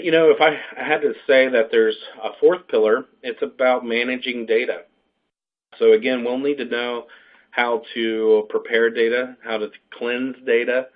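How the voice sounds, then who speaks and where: Male webinar presenter, mid-pitched, loose explanatory delivery with fillers, thin phone-quality sound. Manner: explanatory, frequent fillers and restarts. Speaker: program faculty speaker. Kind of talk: unscripted webinar talk. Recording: tinny phone-like line.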